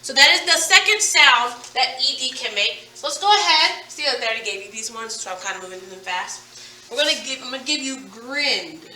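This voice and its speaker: Woman teacher going over word endings, super bright high voice, echoey room away from the mic. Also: lively intonation, distant mic, slight background noise. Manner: patient, drills words slowly and asks questions. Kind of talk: phonics lesson.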